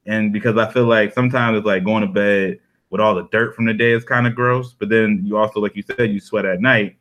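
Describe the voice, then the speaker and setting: A man's voice: lowish voice, fairly even intonation, brisk, a bit bright. A young man in casual podcast chat, rambling and self-deprecating, full of slang.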